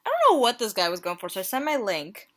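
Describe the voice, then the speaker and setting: Talking fast with huge pitch swings in a mid-range voice, a young YouTuber in her twenties reads dating-app messages in a playful, self-deprecating vlog. The casual commentary is captured on a home mic at ordinary quality.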